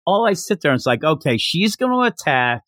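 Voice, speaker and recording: A man hosting a casual anime review chat, acting out characters' lines in quick, animated bursts. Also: fairly high pitch, no echo, clean studio sound. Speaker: anime review podcast host.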